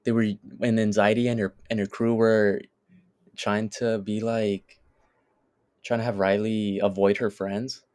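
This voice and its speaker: A man's voice: on the low side, level tone, a little slow, a little mellow. A man co-hosting a podcast in casual chat, retelling scenes in a loose, rambling way full of fillers. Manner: rambling, filler-heavy storytelling. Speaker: podcast co-host.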